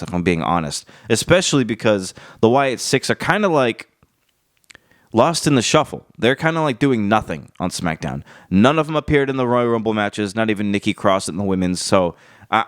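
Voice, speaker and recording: Hosting a wrestling channel, this man delivers laid-back vlog commentary with energetic delivery and animated, emphatic rises in pitch, though his voice sounds stuffy from a cold. The sound is smooth, echo-free, and clean like a studio.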